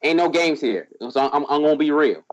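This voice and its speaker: A man's voice: fairly high pitch, lively intonation, a little fast, lo-fi sound. A man in casual chat, ranting emphatically with mock seriousness.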